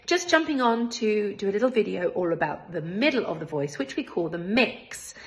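A woman with a British accent and an expressive mid-range voice speaks at a moderate pace. She's a singing teacher and choir director giving a vocal technique lesson with sung demonstrations, explaining step by step in a friendly, encouraging way.

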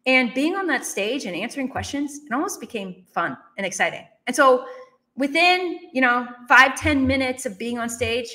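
A woman telling a personal story in a conversational interview, with animated, emphatic delivery. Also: sits high, moderate pace. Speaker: guest. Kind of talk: storytelling in a podcast chat.

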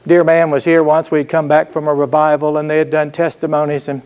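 A man preaching with a drawl, his voice sitting a little high for a man. He spins homespun stories and keeps checking in with the congregation. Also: monotone, fairly quick, darkish tone, clear, resonant tone. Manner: folksy storytelling with call-and-response asides. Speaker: pastor. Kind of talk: sermon.

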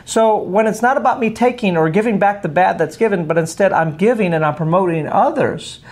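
A middle-aged man, a pastor hosting a morning devotional radio show, talking in a cheerful, energetic, preacherly way. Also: high voice, brisk. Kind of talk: upbeat devotional radio chat.

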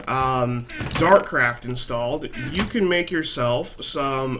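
A man's voice: medium pitch, a little slow, few pauses, pushed and bright, a little hiss or hum. A man casually narrating his own gameplay, rambling and swearing freely with a self-mocking streak. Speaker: gaming channel host. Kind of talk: casual let's-play commentary.

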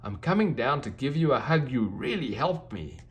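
A man voicing an excited, shy little girl in a children's storybook reading, high and eager. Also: normal speed, a little hiss or hum, close to an everyday voice. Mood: warm.

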